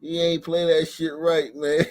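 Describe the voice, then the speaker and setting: Slow-talking high-voiced man riffing. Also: little pitch movement, darkish tone. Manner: profane, laughing, ends lines with "man". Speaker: livestream host. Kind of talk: casual commentary.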